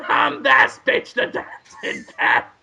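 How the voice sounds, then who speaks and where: A man's voice: slow, highs cut off. A man voicing a rude, foul-mouthed male talking cat who barks orders and insults. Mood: demanding. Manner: shouty, bossy, insulting.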